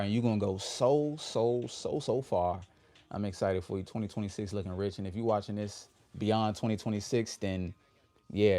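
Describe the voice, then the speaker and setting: A man with hosting a motivational livestream, leading affirmations with his audience in an upbeat, drawn-out way. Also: fairly low pitch, a little mellow. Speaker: livestream host.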